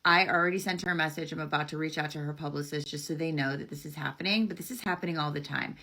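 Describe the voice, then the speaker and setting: A woman telling a candid story about nearly getting scammed, in an animated, cautionary way. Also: deep voice, quick pace. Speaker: content creator. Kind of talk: casual storytime vlog.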